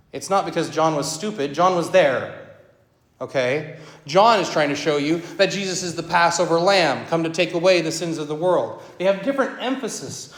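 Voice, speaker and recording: Pastor with a slightly raised pitch, chatty preaching full of rhetorical questions, long church reverb. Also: male voice. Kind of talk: sermon. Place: church sanctuary.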